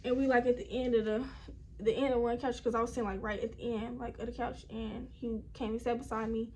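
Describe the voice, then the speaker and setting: High-voiced young woman rambling through a story. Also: little pitch movement, fairly quick, darkish tone, slight background noise. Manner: rambling, chatty, talks straight to viewers. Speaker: vlogger. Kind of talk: casual storytime. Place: indoors at home.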